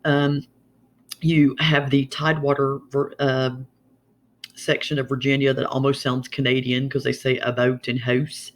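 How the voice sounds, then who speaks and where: A man from Southern Appalachia, USA, chats casually while explaining regional sayings, his twangy accent drawn out in a folksy way. His voice is medium-pitched with little pitch movement.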